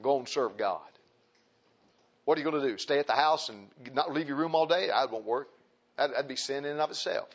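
A man preaching a sermon as pastor, with a folksy, animated delivery that swings from loud bursts to hushed asides. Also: medium pitch, fairly quick, highs cut off.

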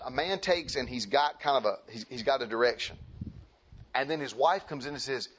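A man's voice: medium pitch, lively intonation, fast, a bit bright, slightly rough, dull audio. A male preacher delivering an emphatic sermon, repeating phrases and turning to speak to the men and then the women of the congregation.

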